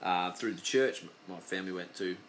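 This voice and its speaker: A man's voice: low-pitched, fairly quick, a bit bright, slight background noise. An Australian man hosting his podcast, telling stories in a loose, rambling, profane chat. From Western Australia. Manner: loose, profane, chatty storytelling. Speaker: podcast host. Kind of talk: casual rambling monologue.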